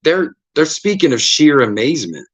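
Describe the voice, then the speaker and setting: A man hosting a podcast, telling stories in a casual, profane, animated way and acting out the voices of the people in them. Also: a little high, moderate pace. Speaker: podcast host. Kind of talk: casual storytelling chat.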